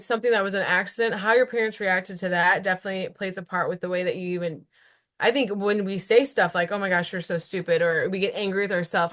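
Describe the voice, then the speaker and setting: A woman's voice: mid-range voice, a bit bright. A woman in her thirties, a guest on an interview podcast, talking earnestly and animatedly, often checking in with "right?". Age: 30s. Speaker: guest entrepreneur. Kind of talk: casual interview chat.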